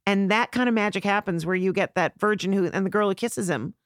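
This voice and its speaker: A middle-aged woman with a medium-pitched voice talks earnestly as a podcast guest. Her voice is dry and close, with no room echo. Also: a little fast. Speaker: comedian, guest. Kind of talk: casual chat.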